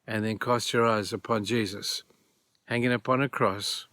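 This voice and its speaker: Speaking at normal speed in a low, bright, forceful voice with fairly even intonation, a church speaker gives a short devotional in clean studio sound without echo. He's earnest and plain, retelling scripture in everyday words and repeating key phrases for emphasis.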